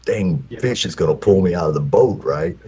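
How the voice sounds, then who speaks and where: A man in his fifties, in prison, telling a long personal story in an unhurried, rambling way with many fillers. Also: low voice, lively intonation, mellow. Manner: unhurried, full of fillers and restarts.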